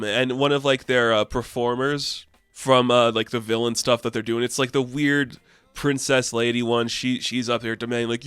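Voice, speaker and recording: A chatty, animated man reviews a comic issue in a casual recap, sprinkling his talk with fillers. His mid-pitched voice is smooth and resonant. The recording is close and dry. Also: normal speed, dry recording.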